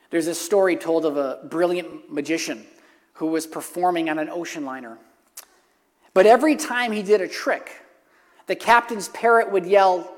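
Man, pastor, sermon, earnest, repeats phrases for emphasis, high voice, long hall reverb. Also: expressive, normal speed.

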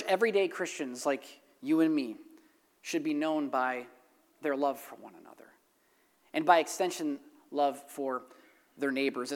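A pastor delivers a sermon with emphatic, animated storytelling and repeats key phrases. The voice is recorded in a church sanctuary, and a long reverb of the large hall trails behind every sentence. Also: medium pitch.

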